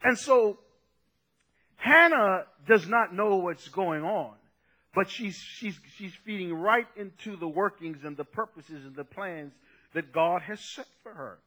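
A man preaching a sermon with a very high, bright voice. He urges his listeners on emphatically, swinging between quiet talk and shouted praise. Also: animated, measured pace. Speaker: pastor.

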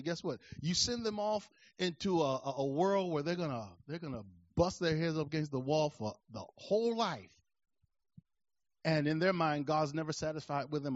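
A man preaching a sermon, swinging from quiet asides to shouted emphasis in a rhythmic cadence, laughing between points. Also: a little high, lively intonation, moderate pace, no room sound, highs cut off.

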